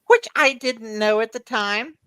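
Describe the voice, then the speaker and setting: A woman's voice: a little high, unhurried, fairly bright tone, clean tone, no room sound, poor audio. A woman guest in a casual chat, rambling through memories with frequent restarts and laughs. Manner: rambling, repeats words while recalling, laughs often.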